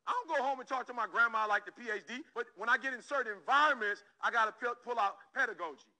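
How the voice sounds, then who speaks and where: High, bright-voiced motivational speaker. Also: male voice, fast talker, rough recording. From Detroit, Michigan, USA. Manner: emphatic, repetitive, addresses listeners directly. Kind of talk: motivational talk to an audience.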